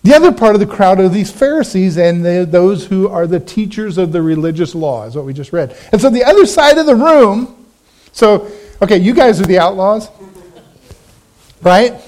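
Middle-aged guy preaching, high voice, tells stories and does everybody's lines. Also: normal speed. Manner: animated storytelling, acting out quoted voices. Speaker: pastor. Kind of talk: sermon with personal story.

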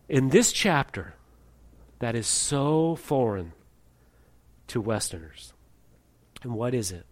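A man preaching a sermon, animated, acting out voices in his story and reading scripture aloud. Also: medium pitch. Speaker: pastor.

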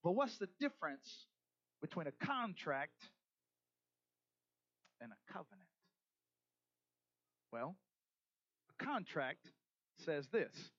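A male pastor preaching a sermon, animated, swinging between loud emphasis and soft asides. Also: very high voice, slow pace, long pauses, no room sound, dull audio.

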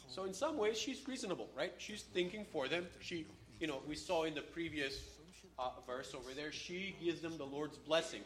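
A man's voice: a little high, expressive, moderate pace, a bit bright, distant mic. A man teaching a conversational Bible lesson who explains step by step and keeps checking in with his listeners. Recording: roomy, speaker away from the mic.

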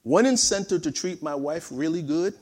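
A man's voice: on the high side, normal speed. A male pastor preaching a sermon to a congregation, often repeating phrases and asking them questions.

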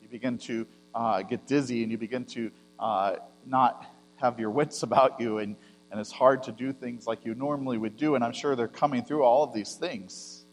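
A male pastor giving a conversational sermon, rising to loud emphasis and dropping to quiet asides. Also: medium pitch, fairly even intonation, moderate pace. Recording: long hall reverb with mains hum.

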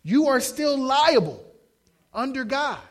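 Animated young male preacher. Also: very high-pitched, slow pace. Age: young adult. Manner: animated, acts out shouted quotes. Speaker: pastor. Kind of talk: sermon.

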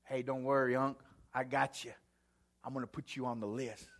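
A man's voice: mid-range voice, flat delivery, moderate pace, pitched below the performer's own voice, close to an everyday voice. A man playing his laid-back young nephew. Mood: easygoing.

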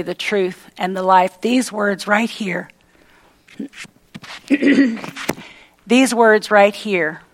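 A woman's voice: mid-range voice, low-quality recording. A woman preaching a sermon, emphatic and repetitive, with folksy everyday asides.

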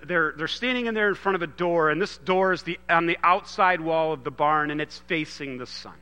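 A man in his thirties giving an earnest sermon, moving from loud emphasis to hushed storytelling. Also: fairly high pitch, big-room sound. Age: 30s. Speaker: pastor.

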